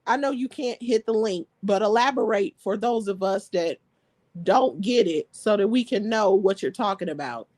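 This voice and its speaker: A woman's voice: medium pitch, animated, normal speed, darkish tone, dry recording. A woman hosting a live stream, chatting casually and reading viewer comments aloud, laughing often.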